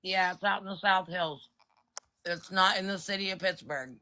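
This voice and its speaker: Woman guest, blunt and offhand, lowish pitch, sharp bright tone, swears casually. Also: moderate pace. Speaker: guest on a live stream. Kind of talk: casual live stream chat.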